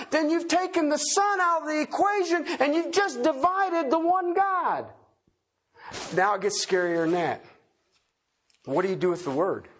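A man preaching a sermon in a folksy way, swinging from loud emphatic points to quiet chuckling asides. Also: extremely high pitch.

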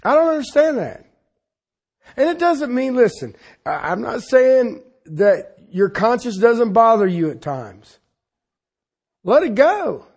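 A high-pitched man with a gravelly edge preaches at an unhurried pace. He talks to his listeners in a folksy, joking way, calling out loud at times and dropping to quiet asides at others. He sounds like a plain-spoken pastor. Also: very animated. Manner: swings between loud exclamations and quiet intimate asides; folksy and humorous, addresses listeners directly. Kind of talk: sermon.

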